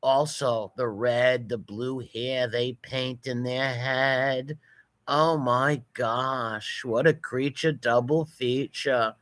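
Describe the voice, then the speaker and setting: A man's voice: medium pitch, steady tone, takes it slowly, a bit bright, no room sound. A man giving profane, mocking reaction commentary over video clips. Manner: mocking, profane, running insults.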